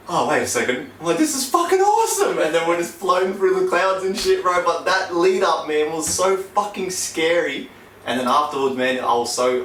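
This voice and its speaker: A young man talks with loose, profane energy, one of the podcast's regular hosts. He sits back from the mic, so his voice carries an echo with faint hiss behind it. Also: medium pitch. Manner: sweary, animated storyteller. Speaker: podcast host. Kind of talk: casual chat. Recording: echoey room, mic at a distance, faint noise.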